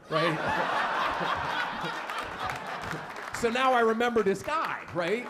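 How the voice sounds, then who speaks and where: Brief: male stand-up comic, slightly high voice, storytelling set in a club. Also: expressive, moderate pace, pauses often, fairly bright tone. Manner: storytelling with stuttering impressions. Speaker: stand-up comedian. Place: comedy club with live audience.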